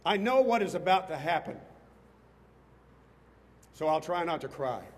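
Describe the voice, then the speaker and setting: Before a crowd outdoors on the capitol steps, a male state legislator gives a passionate rally speech that builds to forceful bursts. His higher-pitched voice is expressive and unhurried, sounding as if in a large hall.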